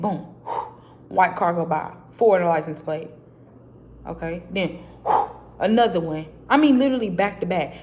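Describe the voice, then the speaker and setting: Animated woman sharing a faith story. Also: on the low side, a little hiss or hum. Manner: animated storytelling, acting out her own dialogue; casual, loose and chatty with many fillers. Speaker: vlogger. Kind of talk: casual faith testimony vlog. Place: a quiet private space.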